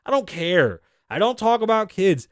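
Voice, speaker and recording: A man's voice: high voice, big pitch swings, moderate pace, clean tone, no room sound, clean studio sound. A man in his thirties from the United States, hosting a podcast with a brash, profane, opinionated solo rant. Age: 30s. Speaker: podcast host.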